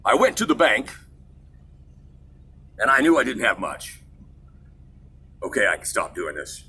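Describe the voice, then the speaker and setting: A man's voice: lowish voice, big pitch swings, a little slow, pushed and bright, breathy edge. A middle-aged man from Kansas hosting his own show, rambling through a story in a digressive, self-mocking way. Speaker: show host. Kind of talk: casual rambling monologue.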